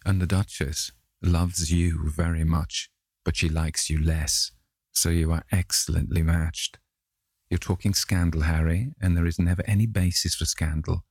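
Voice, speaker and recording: Storybook figure: a drawling, cynical aristocrat, as a deep male reader does him, gravelly. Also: level tone, unhurried, a little mellow, no echo, clean studio sound, exaggerated voice. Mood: wry. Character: cynical witty older aristocrat, languid.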